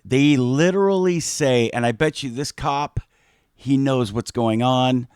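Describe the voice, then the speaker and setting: A man's voice: mid-range voice, a little slow, darkish tone, clear, resonant tone, dry recording, studio quality. A man giving heated commentary on a video, emphatic and agitated, repeating his points.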